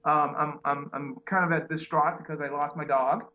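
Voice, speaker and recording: A man's voice: on the high side, normal speed. A man telling a long, exasperated story about a customer service runaround, full of restarts and retold dialogue. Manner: animated, exasperated retelling with many restarts. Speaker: podcast host. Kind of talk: casual ranting story. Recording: dull lo-fi sound.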